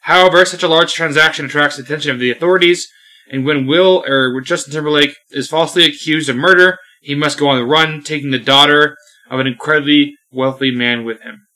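A man hosting a casual podcast who jokes with his co-host and reads a scripted intro. His voice is bright and sits a little above the usual pitch. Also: steady tone, brisk. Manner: joking, reads a prepared segment intro.

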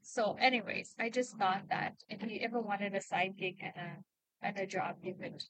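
A woman's voice: medium pitch, moderate pace, fairly bright tone, no room sound, poor audio. A woman passer-by chatting casually outdoors, talking about a website she wants built and offering a side gig. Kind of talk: casual chat.

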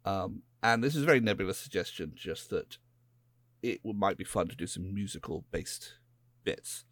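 A man's voice: sits low, lively intonation, moderate pace, a bit bright, dry recording. A man with an English West Country accent, co-hosting a podcast in laid-back, rambling casual chat. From England. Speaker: podcast co-host.

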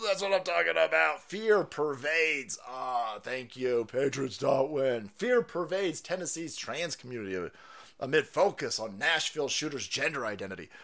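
A man's voice: on the high side, creaky. Foul-mouthed man ranting on a livestream. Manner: swearing, laughing, swinging between mutters and shouts. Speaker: live stream host. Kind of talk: profane political rant on a livestream.

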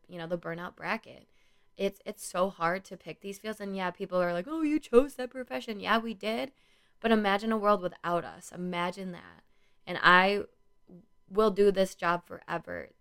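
Her lowish voice is gravelly yet fairly bright, clear and resonant. A young school social worker, she speaks loosely and earnestly on a casual solo podcast, rambling with lots of "like" and "you know."

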